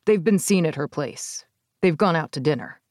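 An unflappable male henchman, voiced by a woman narrator who answers in an even, deadpan tone. His speech is low-key and blunt, never raised. Close, dry audiobook sound. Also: moderate pace, no room sound. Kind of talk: audiobook character voice.

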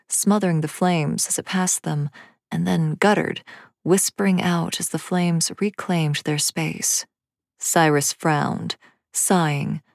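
A woman narrating a storybook reading in a steady, measured way. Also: deep voice, dry recording, studio quality.

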